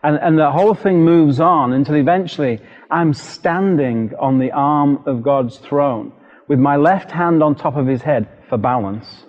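A middle-aged British man preaching a sermon, telling a personal story in an animated, vivid way. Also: on the high side, unhurried. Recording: dull lo-fi recording with long hall reverb.

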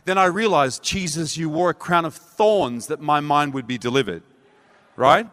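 Man, preacher, high voice, animated storytelling, acts out quotes, long hall reverb. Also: moderate pace. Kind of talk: sermon with storytelling.

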